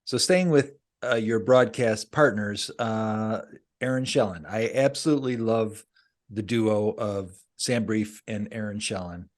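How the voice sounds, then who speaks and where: A man's voice: on the low side, a little slow. A man hosting a casual podcast interview, laughing often and giving short, encouraging replies. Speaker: podcast host.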